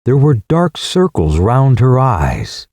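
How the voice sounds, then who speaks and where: A man narrating a classic novel as an audiobook in a measured, expressive way. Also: mid-range voice, no echo, clean studio sound. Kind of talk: scripted narration.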